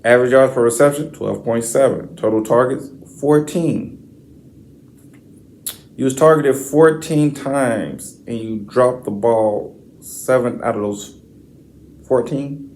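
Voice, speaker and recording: Man, sports podcast host, slow delivery, profane slangy rant, stat-reading. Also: medium pitch. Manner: profane, slangy, exasperated trash talk; reads stat lines in a flat list.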